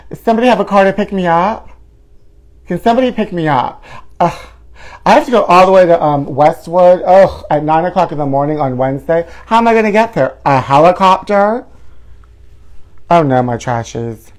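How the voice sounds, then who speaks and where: A man's voice: sits high, normal speed, natural voice. A man doing a flamboyant gossip show host. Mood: campy. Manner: dramatic, rambling, sighing and groaning. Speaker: parody talk-show host. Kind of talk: campy comedic monologue.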